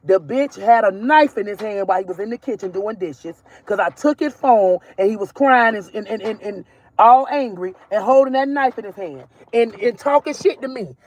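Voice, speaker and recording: A woman's voice: mid-range voice, moderate pace, a little mellow. A woman from Georgia, ranting bluntly and profanely about her son in a casual vlog recorded while driving. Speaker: mother vlogger.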